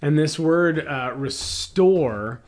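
A man's voice: on the high side, expressive, very slow. A man preaching a sermon, reflective, mixing scripture with a family story and rhetorical questions to the congregation. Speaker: pastor.

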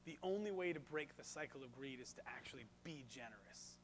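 A man's voice: medium pitch, animated, brisk, slight background noise. A man preaching a sermon, speaking animatedly and putting questions to the congregation. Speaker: pastor.

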